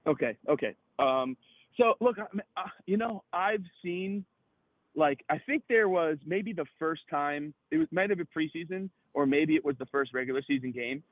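Over a thin, phone-like line with a dry, close sound, a man chats about sports in a fast, loose ramble full of fillers and swearing. His voice sits a touch high for a man, and he sounds fired up and excitable. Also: no room sound. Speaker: podcast co-host. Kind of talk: casual sports chat.

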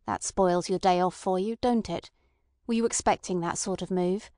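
Brief: woman reading an impatient male radical, blunt and loud-ish, dry close sound. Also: on the low side, fairly even intonation, moderate pace, no echo, lightly acted. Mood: agitated. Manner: blunt, agitated. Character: impatient resentful male anarchist, Ossipon.

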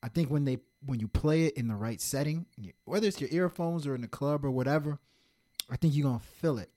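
A man's voice: mid-range voice, fast talker. A young man from Washington, D.C., co-hosting a podcast, joking and teasing while reviewing songs. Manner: animated, joking, playful teasing. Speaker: podcast co-host. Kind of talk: casual music review chat.

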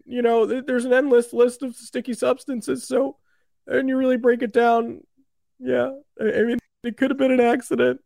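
A man putting on the voice of an evasive star pitcher who stammers and dodges questions, halting and repeating words. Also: vocal fry, no echo.

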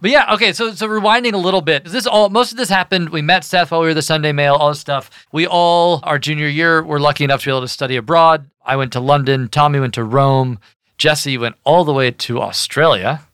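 Brief: young man, podcast co-host, teasing storyteller, bright tone, dry sound. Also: a little high, fairly even intonation, a little fast, smooth, no echo. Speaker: band member co-hosting a podcast. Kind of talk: casual chat.

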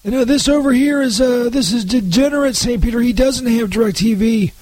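Really high-pitched guy stammering thru a comedy skit, lots of um and uh, swears a ton, super dry close sound. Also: a little mellow, dry recording. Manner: halting, stumbling over words, profane. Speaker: comedy show regular playing Saint Peter. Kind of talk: comedy sketch.

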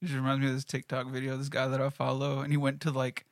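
A young man chatting casually among friends, telling fast, animated anecdotes full of profanity and quoted voices. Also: mid-range voice, no echo, studio quality. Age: young adult. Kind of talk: casual chat, storytelling.

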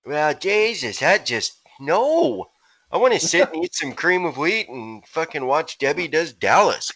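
A man with a bright, tense voice that swings lively up and down, talking in a slightly high register. He rambles through profane, joking banter like a podcast co-host among friends, and the sound is dry and close. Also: unhurried, no room sound, poor audio. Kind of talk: casual crude banter.

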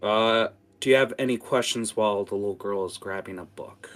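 A man's voice: on the low side, fairly quick. A man narrating a tabletop game as game master, casual and full of fillers and restarts.

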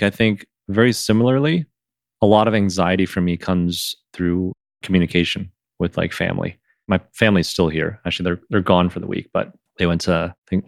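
A man hosting a podcast in casual conversation, who reenacts his own past lines in a livelier, higher voice. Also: gravelly, no room sound, studio quality. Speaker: podcast host.

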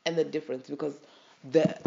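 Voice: medium pitch, fairly even intonation, brisk, vocal fry, lo-fi sound, background noise. A podcast host with a South African accent, talking in an emotional, impassioned way and urging listeners to do better. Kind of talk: casual podcast monologue.

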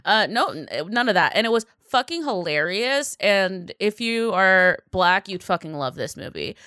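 A woman's voice: medium pitch, sing-song, moderate pace, sharp tone, dry recording, studio quality. A young woman, co-hosting a podcast and chatting casually, using lots of fillers and casual swearing. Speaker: podcast co-host. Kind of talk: casual chat.

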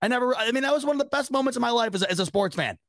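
A man's voice: very high-pitched, animated, racing, a bit bright, dry recording, studio quality. A young man from the Rochester, New York area, hosting a casual sports talk show, rambling, correcting himself and swearing freely. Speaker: sports podcast host. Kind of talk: casual chat with live chat readers.

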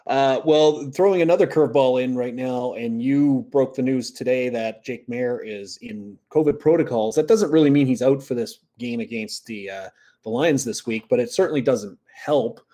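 Male sports-talk co-host, mid-pitched, easygoing rambling conversationalist. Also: normal speed, warm tone. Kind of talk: casual sports chat.

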